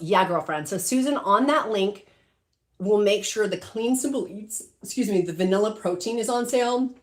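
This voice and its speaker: A middle-aged woman hosting a shopping livestream, chatting casually and emotionally as she reads out viewer comments, with many fillers. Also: mid-range voice. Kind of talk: casual live-stream chat reading comments.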